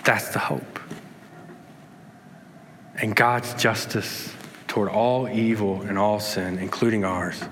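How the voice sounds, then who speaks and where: A man preaching a sermon, earnest and animated, acting out pleading voices and calm replies. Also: on the low side, slow, long pauses, slight background noise. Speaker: pastor. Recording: reverberant hall with faint ambience.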